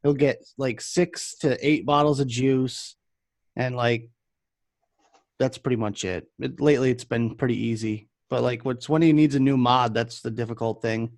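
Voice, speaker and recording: A man's voice: moderate pace, dry recording, clean studio sound. A young man casually telling stories about vape shop customers, acting out their voices. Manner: animated, acts out customers in a higher voice. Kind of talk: casual chat, storytelling.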